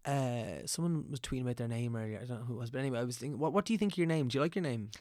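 A man's voice: mid-range voice, very fast, darkish tone, no echo, clean studio sound. A man from Ireland, hosting a casual podcast chat and asking rambling, hesitant questions. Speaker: podcast host.

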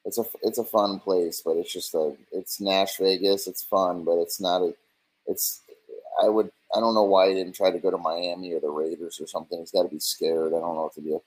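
Man in casual stream rant, slightly low pitch, rambling and foul-mouthed, mocking tone. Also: steady tone, fairly quick, poor audio.

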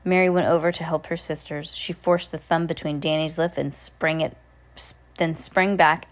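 Woman, casual read-aloud to a child at home, lowish, self-correcting. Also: steady tone, normal speed. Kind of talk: reading a storybook aloud.

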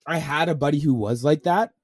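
A man's voice: fairly high pitch, fairly quick, no room sound, clean studio sound. A young man in a casual podcast chat, telling laid-back anecdotes with plenty of swearing.

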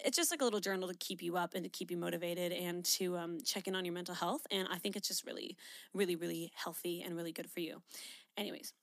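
A woman's voice: mid-range voice, fairly bright tone, no room sound, clean studio sound. A young woman from Canada, hosting a podcast in a chatty, candid way, swearing freely and going off on tangents. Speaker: podcast host. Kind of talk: casual solo podcast talk.

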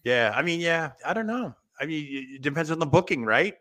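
Bright-voiced man hosting a rambling chat. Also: on the high side, expressive, fairly quick. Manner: rambling, laughing, trails off with fillers. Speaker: podcast host. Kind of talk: casual wrestling chat.

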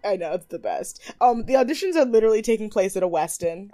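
A woman's voice: mid-range voice, animated, fast, dark tone. A young woman co-hosting a podcast, chatting casually and gossiping about a TV show, laughing often and mimicking voices. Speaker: podcast co-host. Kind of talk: casual chat recapping a TV show.

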